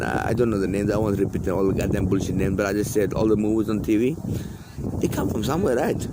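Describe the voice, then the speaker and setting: Rambling, foul-mouthed man in a low, rough voice, recorded outside in a park over traffic. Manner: rambling, repetitive, swearing a lot. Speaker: podcast host. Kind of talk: rambling profane monologue. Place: outdoors in a park. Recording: outdoor traffic noise.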